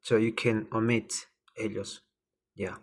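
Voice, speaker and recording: A man's voice: fairly low pitch, little pitch movement, measured pace, slightly rough. A man teaching a language lesson, spelling out words and repeating phrases over and over. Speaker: Spanish teacher. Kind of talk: slow, repetitive language lesson.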